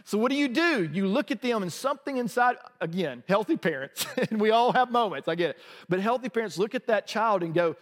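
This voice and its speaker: A male pastor with a high-pitched, animated voice preaches briskly to his congregation, keeping things conversational and joking as he throws questions to the room. A long reverb tail from the church sanctuary trails his voice.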